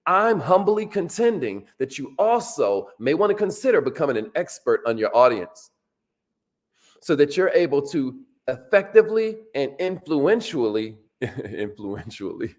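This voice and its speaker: A motivational speaker giving a workshop talk, energetic and casual, repeating his lines and calling out to the listeners for responses. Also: on the high side, moderate pace.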